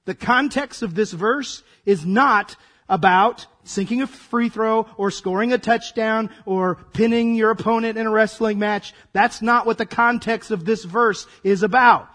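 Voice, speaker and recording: A man preaching a sermon as pastor, his voice hoarse and raspy, acting out dramatic asides. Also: sits high, measured pace, a bit bright.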